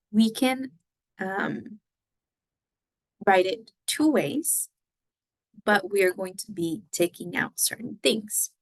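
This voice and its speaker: Her medium-pitched voice is creaky as she patiently teaches Spanish step by step, alternating between English and Spanish in a recorded classroom lesson. The audio is poor but has no echo.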